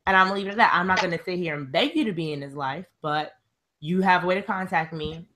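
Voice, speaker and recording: A woman with a lower voice talks candidly about personal matters. She hesitates often and fills her speech with "like.". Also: quick pace, pushed and bright. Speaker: discussion guest. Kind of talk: casual chat.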